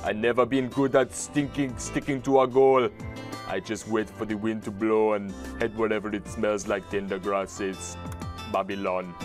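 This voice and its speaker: A man's voice: lowish voice, level tone, normal speed, soft background music, voice pushed down, lightly acted. A man putting on a lazy old Jamaican bird. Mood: easygoing. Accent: mock Jamaican. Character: old male migrant bird, laid-back wanderer.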